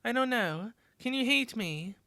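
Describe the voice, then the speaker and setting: A woman's voice: on the high side, animated, measured pace, pushed and bright, no echo, exaggerated voice. A woman voicing a refined, wordy former noble schoolgirl with formal, polished speech. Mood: earnest.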